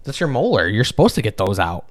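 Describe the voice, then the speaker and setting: A man's voice: fairly low pitch, huge pitch swings, fast talker. A man from the Chicago suburbs co-hosting a podcast, chatting casually in a crude, teasing way. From Chicago suburbs, USA. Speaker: podcast co-host. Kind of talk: casual chat.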